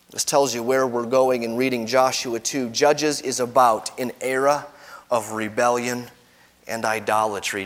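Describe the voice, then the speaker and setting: In a reverberant hall, a pastor preaches a sermon, reading and explaining scripture. His delivery is expressive, rising for quoted voices and dropping low and soft at the ends of phrases.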